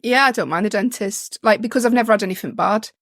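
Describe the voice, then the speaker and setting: A woman's voice: medium pitch, fast, a bit bright, no room sound, studio quality. A middle-aged woman co-hosting a podcast, telling self-mocking stories in casual chat and laughing often. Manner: chatty, self-mocking storyteller who laughs a lot. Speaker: podcast co-host.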